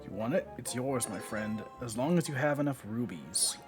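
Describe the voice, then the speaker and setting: Man putting on a sly hushed shopkeeper. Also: mid-range voice, animated, normal speed, over music, voice pushed down, lightly acted. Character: smooth low-voiced male shopkeeper, friendly and mercenary.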